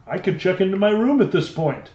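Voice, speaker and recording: A man co-hosting a livestream, telling stories in an animated, casual way. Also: high voice, a little fast, reverberant, lo-fi sound. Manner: animated storytelling. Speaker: livestream co-host. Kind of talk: casual chat. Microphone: desk microphone.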